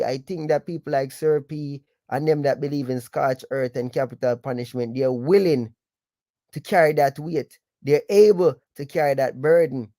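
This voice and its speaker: A man's voice: fairly high pitch, mellow, dry recording. A man with a Jamaican accent hosting a live stream, reflective and rambling, with patois tags. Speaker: host.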